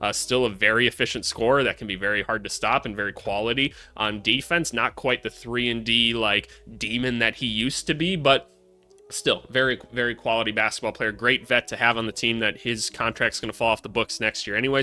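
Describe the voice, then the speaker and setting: A man's voice: fairly even intonation, fairly quick, sharp tone. A young man hosting a basketball analysis channel, talking casually and bluntly with swearing and lecturing his viewers. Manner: blunt and profane, lectures viewers, mocks commenters in shrill voices. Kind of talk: casual commentary to camera.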